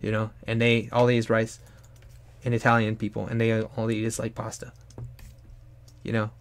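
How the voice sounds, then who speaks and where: A young adult man chatting casually while he draws on a live stream, rambling and animated, sometimes bursting into loud high put-on exclamations. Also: moderate pace. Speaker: streamer and artist.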